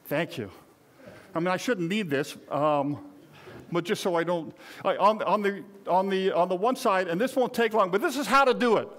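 A pastor in his sixties with a notably high voice preaches in a loose, conversational way. He jokes with the congregation and speaks straight to them in a folksy tone. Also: normal speed, fairly bright tone. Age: 60s. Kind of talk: conversational sermon.

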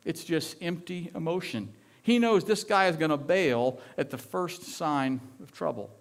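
A man from the United States preaching a sermon as pastor, in an animated, chatty way that often repeats words. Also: fairly high pitch, a little slow.

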